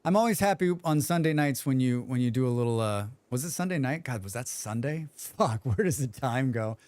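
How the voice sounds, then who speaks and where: Jokey streamer with a lively, dry voice. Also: male voice, mid-range voice, brisk, no room sound. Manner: joking, rambling, hums to himself. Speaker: game streamer. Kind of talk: casual livestream chat.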